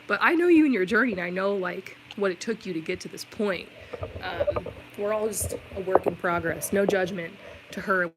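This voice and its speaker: A woman's voice: on the low side, fairly bright tone, a little hiss or hum, poor audio. A woman giving a tarot reading on a live stream, talking in a chatty, reassuring way with many "like" fillers. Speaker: tarot reader.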